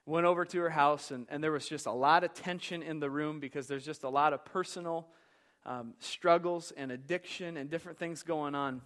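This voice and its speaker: A man preaching a sermon as pastor, telling a story with passion, swinging from hushed to loud. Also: on the high side, steady tone, brisk. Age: young adult.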